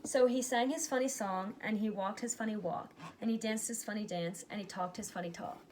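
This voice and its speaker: A woman reading a rhyming picture book aloud, giving its characters lively but plain voices. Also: mid-range voice, a little fast, slight background noise. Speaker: reader.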